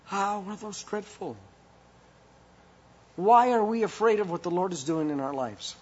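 A man's voice: high-pitched, lively intonation, unhurried, breathy edge, highs cut off. A man preaching a sermon as pastor, with impassioned rhetorical questions and a delivery that rises and falls.

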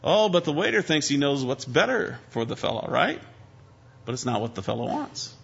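A man preaching a sermon as pastor, shifting between loud emphasis and quiet, earnest asides. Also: medium pitch, sing-song, moderate pace, vocal fry, breathy edge. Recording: dull lo-fi recording.

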